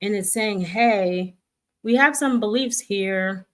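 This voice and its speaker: In a mid-range voice, taking things slowly, a middle-aged woman hosts an easygoing talk offering spiritual guidance. She is warm and reassuring to her audience, acting out the thoughts that run through their heads.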